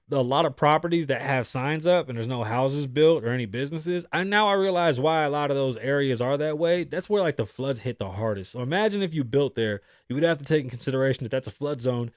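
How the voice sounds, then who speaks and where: A man hosting his own show, telling stories in a casual, profane, animated way. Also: mid-range voice, dry recording, clean studio sound. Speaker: podcast host. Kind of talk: casual monologue.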